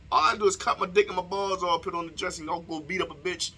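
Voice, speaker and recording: A man's voice: fairly high pitch, quick pace, pushed and bright. A young man delivering a heated, profane opinion monologue to his viewers, firing off rhetorical questions. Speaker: vlogger. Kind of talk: casual opinion monologue to camera.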